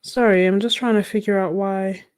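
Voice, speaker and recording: A woman's voice: medium pitch, steady tone, normal speed, a little mellow. A woman chatting casually on a livestream while she paints, rambling with many fillers and restarts and laughing often. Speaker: art livestreamer. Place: home desk. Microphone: phone.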